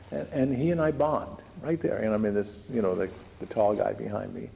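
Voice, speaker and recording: An American man, a spiritual teacher, tells a personal story to an audience in a hall, chatting along with plenty of fillers and restarts. His voice is lowish and dark with vocal fry, animated and fairly quick with hardly any pauses. The room echoes and there's a little hiss or hum.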